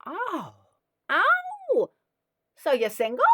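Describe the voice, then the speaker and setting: A woman voicing an excitable woman sunbather who shrieks her lines in high exclamations. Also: very slow, no room sound, exaggerated voice. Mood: delighted.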